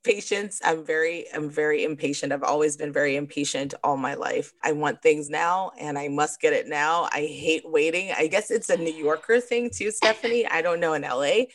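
A woman from New York talks as a podcast guest. Her voice sits low, and she pushes through her points fast and emphatically. She often breaks into acted-out dialogue. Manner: lively storyteller, acts out quoted dialogue with laughs. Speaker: podcast guest, author and book coach. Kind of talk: casual interview chat.

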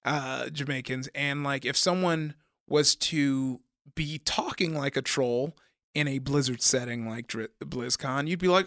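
A young man co-hosting a casual gaming chat, animated and laughing often, with many stumbling restarts. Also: medium pitch, unhurried, no room sound, clean studio sound. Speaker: podcast co-host.

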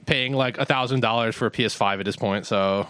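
A man's voice: mid-range voice, brisk, fairly bright tone, clear, resonant tone, dry recording. A man who is a guest on a casual gaming podcast, easygoing and full of likes and fillers. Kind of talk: casual chat.

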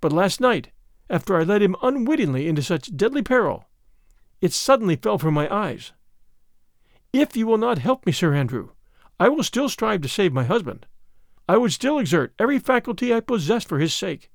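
A man's voice: high-pitched, very animated, normal speed, no echo, clean studio sound. A man voicing a desperate noble lady who pleads earnestly for help. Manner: pleading, urgent.

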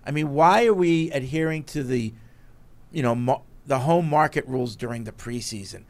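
A man's voice: medium pitch, moderate pace. A man co-hosting a sports podcast, talking casually and launching into emphatic, pleading rants. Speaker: podcast co-host.

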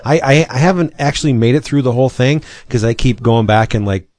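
A man's voice: medium pitch, fairly quick, darkish tone, no room sound. A man co-hosting a podcast in casual chat, joking and stumbling over repeated words. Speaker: podcast co-host.

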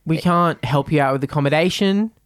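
Aussie cohost, low voice, deadpan teasing, comedy pod banter. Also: female voice, brisk, smooth. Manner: teasing, deadpan, mock-angry. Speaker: podcast co-host. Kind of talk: comedy advice podcast banter.

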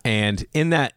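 A man's voice: vocal fry, husky, no echo, clean studio sound. Man telling rambling stories. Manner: rambling, self-deprecating, gets loud and high when excited. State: clearing his throat often. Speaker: podcast host. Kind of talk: casual storytelling chat.

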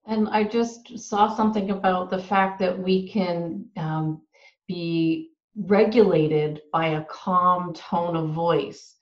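A woman interviewer asking measured, thoughtful questions. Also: fairly low pitch. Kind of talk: conversational interview. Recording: roomy, dull lo-fi audio.

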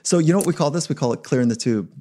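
A man's voice: fairly high pitch, lively intonation, very fast, warm tone. A man being interviewed as a performance psychologist, talking in a reflective, emphatic way. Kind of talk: podcast interview.

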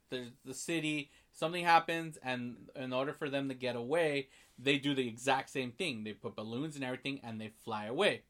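A man in casual chat, animatedly retelling a film scene by scene and acting out the characters' lines, with swearing. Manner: animated storyteller, acts out lines with big jumps in pitch and loudness, swears.

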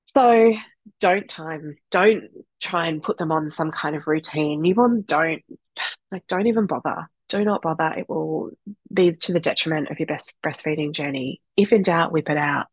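A woman's voice: deep voice, normal speed, breathy edge, no room sound, poor audio. A woman, a breastfeeding support worker talking candidly and bluntly, swearing freely. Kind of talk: candid advice talk.

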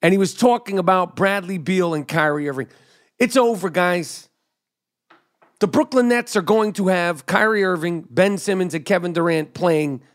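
Man, podcast host, high voice, animated and emphatic, sports monologue, studio mic. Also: moderate pace. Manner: animated, emphatic, drops to mock whisper. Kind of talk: energetic sports commentary monologue.

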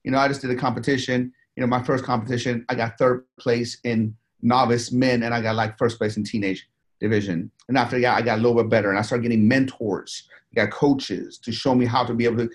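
A man's voice: medium pitch, steady tone, quick pace. A man, a guest in an interview, telling stories in a rambling, profane way, full of fillers and restarts. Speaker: interview guest, business owner and bodybuilder. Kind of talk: casual storytelling interview.

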